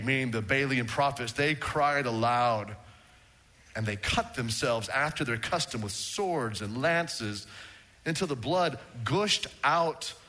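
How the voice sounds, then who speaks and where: Bright-voiced preacher man. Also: mid-range voice. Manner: animated preaching with repeated word restarts. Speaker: pastor. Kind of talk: sermon.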